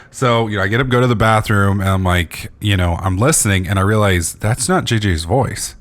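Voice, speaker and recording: Sleepy rambling man, lowish voice. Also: fairly quick, hardly any pauses. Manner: rambling, swears freely, many fillers and restarts. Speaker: gaming channel host. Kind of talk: casual gameplay commentary.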